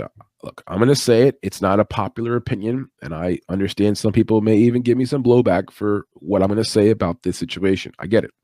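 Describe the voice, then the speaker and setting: Chatty opinionated podcast host, low voice. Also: male voice, darkish tone, no room sound, clean studio sound. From United States East Coast. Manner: chatty, opinionated, rambling with asides and laughs. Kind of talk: casual live-stream commentary.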